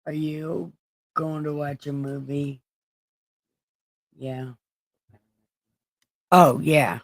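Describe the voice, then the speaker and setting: A woman hosting a home livestream, retelling scripture with crude, joking profanity. Her voice is gravelly and her delivery unhurried. The sound is dry and close. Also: deep voice, fairly even intonation, no room sound. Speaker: livestream host reading scripture. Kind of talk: casual irreverent scripture reading.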